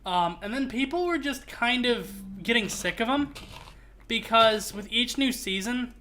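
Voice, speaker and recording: A streamer rambles and jokes casually while playing a game, animated throughout. The voice is medium-pitched and a little slow, with slight background noise.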